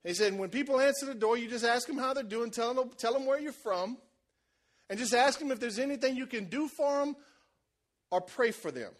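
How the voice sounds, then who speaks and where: Animated high-voiced man preaching a story. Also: fairly quick. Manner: animated, acts out voices, shouts at peaks. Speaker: pastor. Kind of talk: sermon storytelling.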